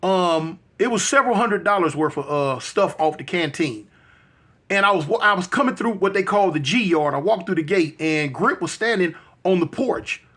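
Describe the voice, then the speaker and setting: A man with a high, fairly bright voice and lively intonation tells a personal story at a moderate pace. His talk is casual and slangy, and he keeps checking in with the listener, often saying "you know what I'm saying."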